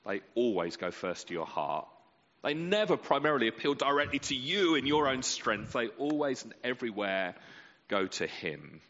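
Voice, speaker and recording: A man preaching a sermon with passion, letting his voice swell loud and sink to a near hush. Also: big pitch swings, normal speed. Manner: impassioned, with sweeping rises and drops in pitch and volume. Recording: muffled sound with a long reverb in a large hall.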